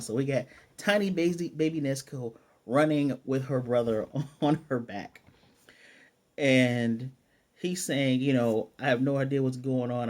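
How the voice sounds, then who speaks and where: Retelling scenes from an anime episode, a reviewer with a medium-pitched, slightly rough voice recaps it in a casual, excited way. His storytelling keeps stumbling into fillers and restarts.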